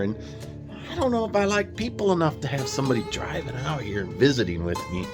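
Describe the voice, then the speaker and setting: A man's voice: mid-range voice, big pitch swings, a little fast, music in the background. An older man rambling in a wry, self-mocking way with many fillers, filming a casual DIY vlog. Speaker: DIY builder vlogger. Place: off-grid container build site.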